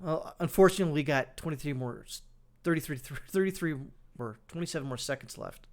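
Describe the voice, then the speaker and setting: A man's voice: fairly high pitch, lively intonation, fast talker. A man hosting political commentary, reacting to news clips with sarcastic, scornful remarks and thinking aloud with fillers.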